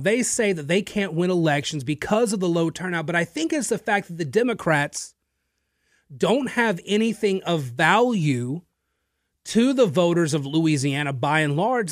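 This high-pitched male radio host speaks straight to his audience in a forceful, opinionated political monologue. The studio-quality recording has no room sound. Now and then he uses a filler or repeats a word.

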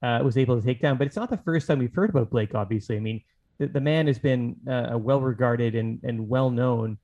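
Man, podcast host, middle pitch, casual, rambling, thinking aloud. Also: dark tone. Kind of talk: casual chat.

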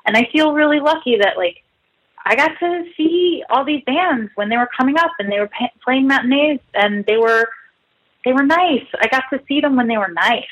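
A woman's voice: high-pitched, expressive, normal speed, a bit bright, husky, dull audio. A woman guest writer in her thirties, chatting casually and self-mockingly, full of "like" and asides. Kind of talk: casual podcast interview.

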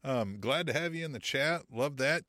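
A man's voice: medium pitch, animated, normal speed, sharp tone, dry recording, clean studio sound. A man co-hosting a casual wrestling podcast, joking and easygoing, cursing freely. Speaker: podcast co-host.

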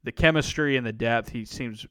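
A man's voice: medium pitch, normal speed, fairly bright tone, clear, resonant tone, dry recording. A man co-hosting a casual sports podcast, rambling with many fillers and restarts, often laughing. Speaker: podcast co-host.

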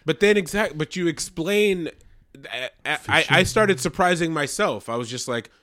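A man's voice: on the high side, animated, moderate pace, sharp tone, no echo. A man guesting on a casual film podcast, rambling and enthusiastic with stammered restarts.

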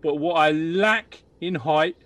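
Man doing a touchy, high-voiced stocky warrior. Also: a bit bright, dry recording. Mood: indignant. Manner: brash, quick to take offence. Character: short stocky touchy male warrior with a hammer. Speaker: player.

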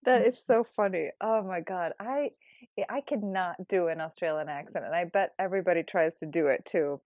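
A woman hosting a podcast in casual conversation, chatty and quick to laugh. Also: fairly low pitch, a little mellow, no echo. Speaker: podcast host.

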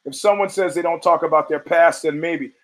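A man's voice: on the high side, fairly quick, low-quality recording. A man hosting a podcast, telling stories in a casual, profane monologue and acting out the people he quotes. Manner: profane storytelling with acted-out quotes. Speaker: podcast host.

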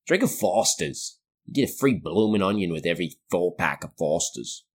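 A man doing a hammy Aussie beer ad guy. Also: a little fast. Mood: hammy salesy. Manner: drawled, over-the-top ad pitch. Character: cheesy Australian beer-commercial announcer man.

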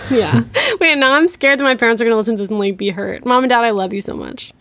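A woman's voice: a little high, fast, fairly bright tone, dry recording. A woman hosting a podcast in casual chat, laughing easily and giving supportive backchannels. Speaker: podcast host.

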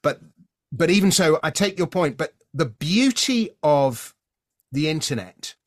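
A man's voice: fairly high pitch, sing-song, measured pace. A middle-aged man from London hosting an interview, chatty and opinionated, often hesitating at the start of a point. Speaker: podcast host. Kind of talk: conversational interview.

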